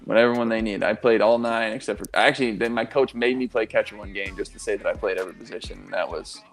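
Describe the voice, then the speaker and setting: A man's voice: fairly low pitch, fast talker, gravelly, soft background music. Passionate young man, emphatic radio guest. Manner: passionate, emphatic, swears freely. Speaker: guest, pro athlete and coach. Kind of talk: radio interview.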